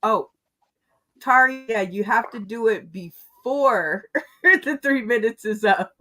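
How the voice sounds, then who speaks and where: A woman's voice: a little high, slow, bright, forceful tone. A woman hosting an online comedy game show over a video call, laid-back and chatty.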